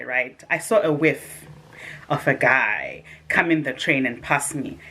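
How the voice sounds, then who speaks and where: A British woman vlogs to her viewers, telling a personal story in casual, lively speech. She acts out the lines of the people in it. Her voice sits a little on the low side. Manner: animated, dramatic retelling with quoted asides. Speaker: vlogger.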